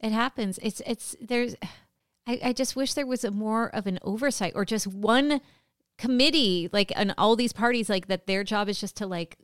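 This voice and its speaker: A woman co-hosting a podcast who reacts to her co-host with gasps, laughs and quick comments. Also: mid-range voice, clear, resonant tone, no room sound, studio quality. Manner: reactive, gasping, laughing listener. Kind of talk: casual chat.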